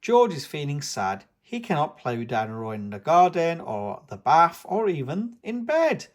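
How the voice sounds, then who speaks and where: Brief: lively male storyteller for toddlers' read-alouds, lots of pitch movement. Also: moderate pace. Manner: animated storybook narration. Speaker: channel host reading aloud. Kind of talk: children's read-aloud narration.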